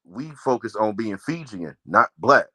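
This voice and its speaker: A man in a casual podcast discussion who explains his points quickly and laughs easily. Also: lowish voice, very animated, bright, forceful tone, no echo. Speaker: podcast co-host.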